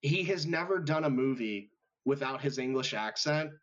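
A man co-hosting a casual podcast over a remote computer mic, with a dry, deadpan manner. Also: mid-range voice, moderate pace. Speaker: podcast co-host. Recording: dull distant remote mic.

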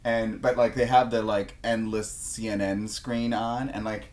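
A man co-hosting a podcast, telling a story in casual chat, animated and laughing a lot as he talks. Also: lowish voice, unhurried. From Canada. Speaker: podcast co-host.

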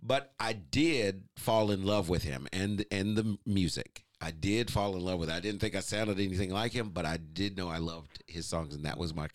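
A man with a deep voice, a musician guest, telling stories in a relaxed way and laughing often. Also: normal speed, hardly any pauses, dry recording. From United States. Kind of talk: casual storytelling interview.

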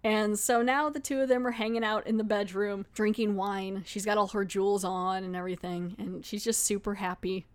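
A woman podcast host giving a casual, chatty recap of a TV episode, laughing now and then and slipping into quick acted asides. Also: mid-range voice, flat delivery.

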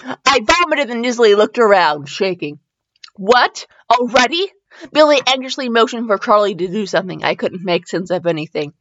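Animated woman reading fanfiction aloud. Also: mid-range voice, brisk, no echo. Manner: animated, breaks into laughter and mock outrage. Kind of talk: comedic dramatic reading with commentary. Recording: dull lo-fi dry recording.

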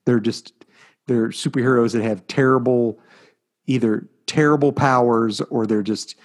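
Middle-aged dude rambling through stories on a podcast, animated, loose. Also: male voice, medium pitch, unhurried. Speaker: podcast co-host. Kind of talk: casual chat.

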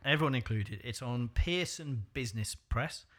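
Male podcast host, self-mocking and quick to laugh, bright, lively pitch; relaxed studio banter. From North Wales. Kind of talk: casual podcast chat. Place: small studio.

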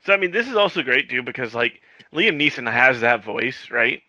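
Bright-voiced, amused podcast co-host. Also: male voice, medium pitch, animated, normal speed, no room sound, highs cut off. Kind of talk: casual film-review chat.

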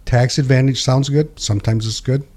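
A man working as a financial advisor, explaining money matters in a plain-spoken, steady conversational way on a talk show. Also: mid-range voice, moderate pace.

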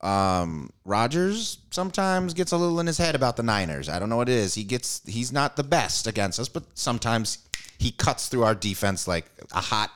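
A man co-hosting a casual sports chat, animated and joking, swearing freely. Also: medium pitch, normal speed. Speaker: podcast co-host.

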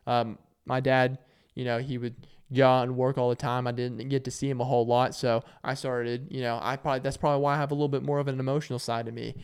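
A young man hosting a solo podcast, telling rambling, self-deprecating stories in a casual way and acting out loud quotes. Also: medium pitch, little pitch movement, fast talker, clean tone. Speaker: podcast host.

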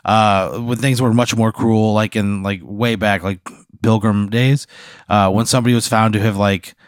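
A man's voice: lowish voice, steady tone, moderate pace, no room sound, studio quality. A man improvising a rambling, absurd story in casual chat, laughing as he goes. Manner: laughs while spinning a rambling absurd tale. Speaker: podcast host.

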